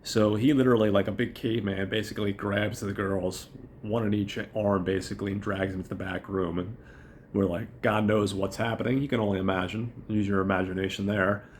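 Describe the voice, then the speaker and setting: Podcast host, male, low voice gone hoarse from a cold, loose profane film-recap delivery, faint room hum. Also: flat delivery, a little fast. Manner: loose, profane storytelling, many fillers.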